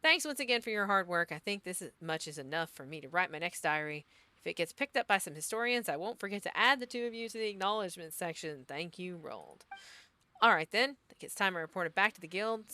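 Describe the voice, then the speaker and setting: A woman voicing a forgetful, scholarly male adventurer, reading his lines in a measured, musing way. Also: on the low side, expressive, bright, forceful tone.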